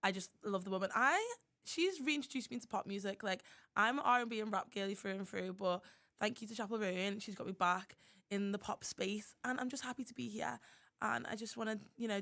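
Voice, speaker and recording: Young woman radio host, chatty and playfully boastful, with a gravelly fry in her voice. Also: mid-range voice, fairly bright tone. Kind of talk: casual radio chat.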